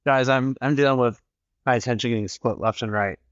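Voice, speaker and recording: A man's voice: medium pitch, fairly quick, no echo, highs cut off. A man hosting a podcast in a casual monologue, a little out of breath, rambling and restarting his sentences. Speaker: podcast host.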